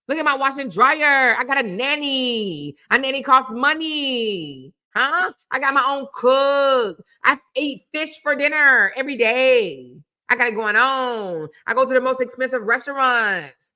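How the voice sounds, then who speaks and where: A woman's voice: high-pitched, pushed and bright, heavily acted. A woman mimicking an arrogant, boastful man who taunts and talks down to people. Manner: bragging, taunting, mocking.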